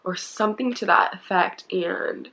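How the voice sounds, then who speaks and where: A woman's voice: mid-range voice, unhurried, bright, forceful tone, rough recording. A young woman in her twenties, telling a painful personal story on camera in a candid, emotional way, her voice often dropping to a near-whisper. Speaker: YouTuber.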